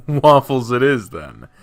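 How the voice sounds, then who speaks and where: A man playing through a story game, reading the narration in a soft voice. He breaks in with off-hand, profane remarks in a plain, middle-pitched voice. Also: very animated, slow, faint music behind. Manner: casual, swears freely, reads the narration softly, then breaks out into loud commentary. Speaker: game streamer. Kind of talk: reading a visual novel aloud with commentary.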